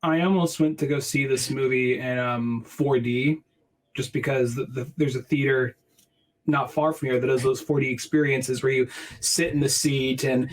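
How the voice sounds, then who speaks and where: A man's voice: medium pitch, fairly even intonation, normal speed, low-quality recording. A man co-hosting a podcast, chatting casually about a film and riffing into comic bits. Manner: jokey, riffs into comic bits and voices. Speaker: podcast co-host. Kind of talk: casual movie review chat.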